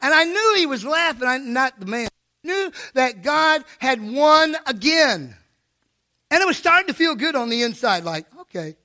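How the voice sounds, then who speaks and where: A male preacher with a very high, bright voice that swings widely up and down. He tells his story in an animated way, acting out his inner thoughts as he preaches to the congregation. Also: normal speed. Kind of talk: storytelling sermon.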